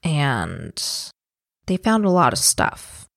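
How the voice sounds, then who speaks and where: A woman's voice: low voice, wildly swooping pitch, slow pace, creaky, no echo, clean studio sound. A woman co-hosting a podcast, telling a true-crime story in a casual, profane, chatty way and laughing easily. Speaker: podcast co-host.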